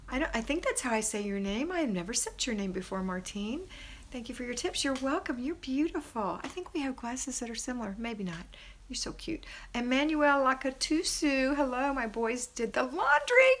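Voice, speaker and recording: A woman hosting a homemaking live stream, reading viewer comments aloud and praising and encouraging her viewers. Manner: chatty, with pitch rising high in excitement. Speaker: homemaking livestream host.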